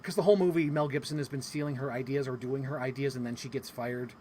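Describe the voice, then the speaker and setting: A man hosting a casual talk show, telling a story in an animated, rambling way and swearing often. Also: mid-range voice, fast, slight background noise. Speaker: podcast host. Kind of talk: casual chat recapping a convention.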